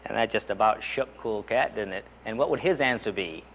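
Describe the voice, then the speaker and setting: In a lowish voice and at a brisk clip, a man drills beginner Spanish phrases, eagerly urging learners to repeat after him. There's a little hiss or hum on the recording.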